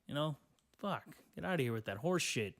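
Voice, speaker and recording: A man's voice: medium pitch, animated, fairly quick, gravelly, fairly bright tone. A young man hosting a casual solo podcast, reading headlines aloud and answering them with profane, rambling, sarcastic comments. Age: young adult. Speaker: podcast host.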